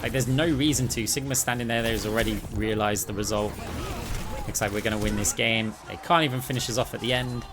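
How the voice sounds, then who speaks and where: Man excitedly commentating a game. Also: fairly low pitch, noisy background. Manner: quick, excited play-by-play with asides to viewers. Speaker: gaming YouTuber. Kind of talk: gameplay commentary. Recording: clear game music underneath.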